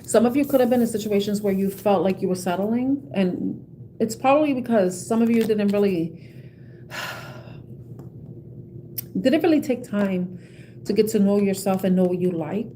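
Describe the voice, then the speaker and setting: A woman's voice: medium pitch, measured pace, long pauses, warm tone, slight background noise. A woman giving a casual tarot reading to her viewers, chatty and laughing often, with many "you know"s. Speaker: tarot reader.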